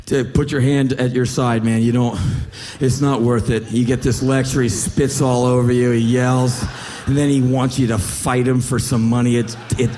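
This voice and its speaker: A man's voice: mid-range voice, flat delivery, normal speed, warm tone, natural voice. A man voicing a casual, rambling young homeless man talking on a cell phone. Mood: offhand. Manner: offhand, rambling.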